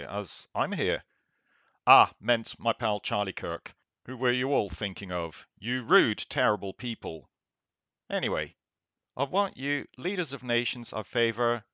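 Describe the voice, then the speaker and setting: A man's voice: medium pitch, bright, forceful tone, no echo. A man doing a satirical impression of a boastful, blustering president who praises himself over and over in simple words. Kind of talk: satirical letter read in character. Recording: dull lo-fi dry recording.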